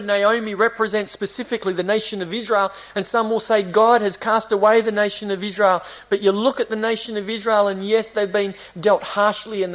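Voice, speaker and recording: A man preaching a sermon in a church, reading scripture aloud and swinging between loud emphatic lines and quiet, intimate phrases. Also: high-pitched, poor audio. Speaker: pastor.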